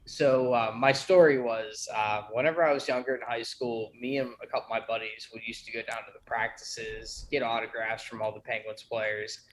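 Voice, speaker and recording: A man's voice: medium pitch, moderate pace, hardly any pauses. A man shares an eager story on a casual podcast. His voice sits in a middle register. A faint hiss runs underneath. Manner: storytelling, excitable. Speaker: podcast co-host. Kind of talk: casual chat.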